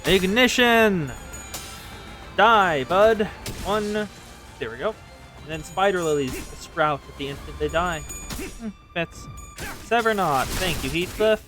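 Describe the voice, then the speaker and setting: A streamer giving casual, relaxed game commentary, muttering and humming along while playing. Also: mid-range voice, unhurried. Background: game music.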